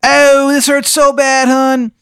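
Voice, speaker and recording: A high, wailing reborn dead guy. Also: monotone, pushed and bright, no room sound, studio quality, heavily acted. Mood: moaning. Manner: moaning, drawn-out wails. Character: whiny murdered man reborn, groaning in pain.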